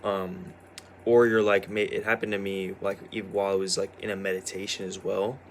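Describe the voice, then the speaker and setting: A young man with a fairly low voice talks to camera in a loose, halting vlog ramble. He is worn out from a sleepless night and keeps circling back with fillers and false starts. A faint hiss runs under the recording. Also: level tone. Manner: hesitant, full of restarts and "like". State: tired after staying up all night. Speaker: vlogger.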